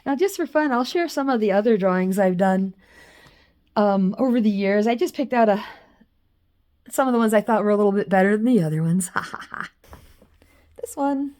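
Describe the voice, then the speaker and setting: A woman with a warm, mellow voice rambles casually about her own drawings. She swears freely and fills the gaps with "you know.". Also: medium pitch, animated, normal speed, long pauses. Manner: loose and profane, with frequent "you know" and laughs. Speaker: vlogger showing her drawings.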